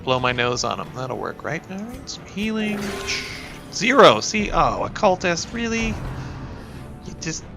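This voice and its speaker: A man's voice: a little high, big pitch swings, a little slow, music in the background. A man in his thirties with a sniffly cold, chatting casually and rambling as he plays a video game and talks to his characters. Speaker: gaming YouTuber and teacher. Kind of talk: let's play commentary.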